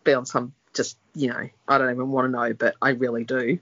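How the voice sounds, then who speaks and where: A woman's voice: extremely low pitch, flat delivery, fairly quick, a bit bright. A middle-aged woman, co-hosting a casual chat and rambling with many fillers. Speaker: podcast co-host. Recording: dull lo-fi sound.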